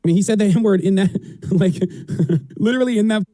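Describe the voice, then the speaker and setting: A man's voice: high voice, moderate pace, mellow. A man streamer giving argumentative, sarcastic commentary on clips. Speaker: political streamer.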